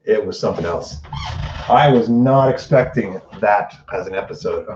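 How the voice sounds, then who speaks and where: A man with a lowish voice chats his way through a casual spoiler recap, cursing freely and acting out quotes. He sounds set back from the mic in an echoey room, and the sound is a little dull and lo-fi. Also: normal speed, a little hiss or hum. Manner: animated and profane, acts out quotes. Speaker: host. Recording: distant roomy dull lo-fi mic.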